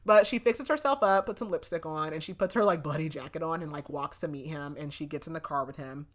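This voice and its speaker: A woman's voice: low-pitched, a little fast. A young woman hosting a podcast, recapping a novel in a casual, chatty way with lots of fillers and frequent laughs. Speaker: podcast host. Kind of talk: casual book recap chat.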